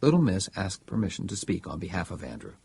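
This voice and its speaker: Very husky male audiobook narrator. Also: sits low, wildly swooping pitch, fast talker, mellow.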